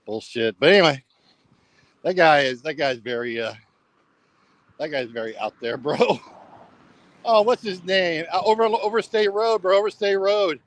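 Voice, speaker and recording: A man's voice: fairly high pitch, moderate pace, long pauses, no room sound, low-quality recording. A man rambling casually for a travel vlog while walking along a road at night, repeating himself and saying "bro" a lot. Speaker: travel vlogger.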